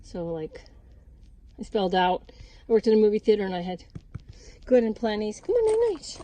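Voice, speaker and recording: A woman vlogger rambles through a casual story, restarting often and drifting into asides, as she works outside on a farm among goats and chickens. She speaks at normal speed in a mellow, medium-pitched voice with fairly even intonation.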